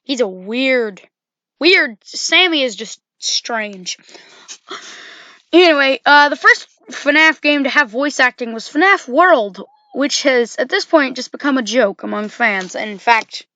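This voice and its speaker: A woman's voice: high voice, expressive, slow pace, pushed and bright, dry recording, dull audio. A woman giving casual, rambling game commentary, full of fillers and self-corrections.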